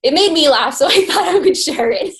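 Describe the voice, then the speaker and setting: A woman's voice: extremely high pitch, expressive, measured pace. An upbeat woman hosting a video call, telling a joke in a casual, chatty way. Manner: upbeat, tells a joke with acted voices. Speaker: call host.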